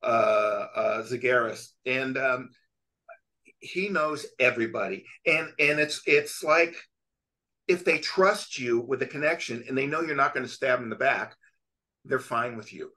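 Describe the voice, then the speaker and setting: Guest storyteller, middle-aged man, animated and rambling, mid-range voice. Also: medium pitch, measured pace. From California. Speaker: guest, sports photographer. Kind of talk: casual storytelling chat.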